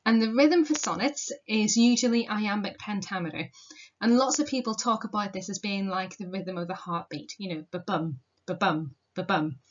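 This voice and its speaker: A woman's voice: medium pitch, lively intonation, normal speed. Woman teaching a poem on dull audio. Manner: explanatory, asks rhetorical questions, casual fillers. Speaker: literature teacher. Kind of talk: recorded poetry lesson.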